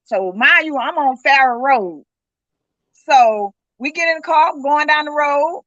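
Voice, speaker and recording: High, bright-voiced grieving mother. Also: expressive, a little slow, no echo, lo-fi sound. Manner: earnest, speaks in vivid retold dialogue. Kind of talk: emotional personal account.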